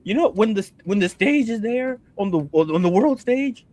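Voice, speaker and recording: Animated man ranting about sports. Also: high-pitched, normal speed, no echo. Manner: animated ranting with rhetorical questions. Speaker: podcast co-host. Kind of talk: casual sports talk.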